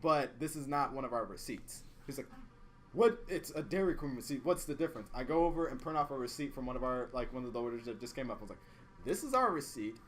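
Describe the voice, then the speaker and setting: A young man, podcast co-host, telling a work story in a casual, profane, animated way and acting out both sides. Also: medium pitch, fast talker.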